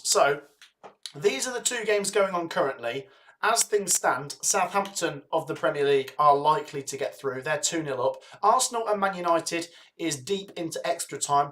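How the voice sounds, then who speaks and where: A man's voice: fairly high pitch, fairly bright tone. A young man hosting a live football watch-along, chatting casually, urging viewers to like and comment, and rattling off club names from the chat. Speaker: livestream host.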